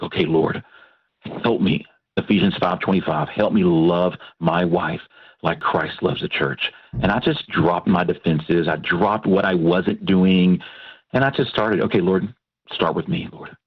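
A man, a pastor and Christian counselor, telling his testimony with earnest, animated storytelling. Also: sits low, husky, muffled recording. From Texas. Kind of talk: testimony in a radio interview.

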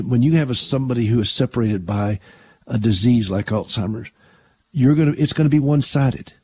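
A man's voice: on the low side, warm tone, breathy edge, dry recording. An older man hosting a Christian talk radio show in an earnest, conversational way, often restarting his sentences.

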